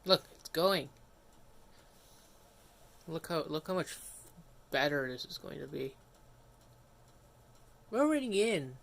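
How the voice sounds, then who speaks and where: A man's voice: on the high side, measured pace, gravelly, pauses often, a bit bright. A man streaming live and chatting casually as he works, rambling, breaking off mid-sentence and grumbling to himself. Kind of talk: casual livestream commentary.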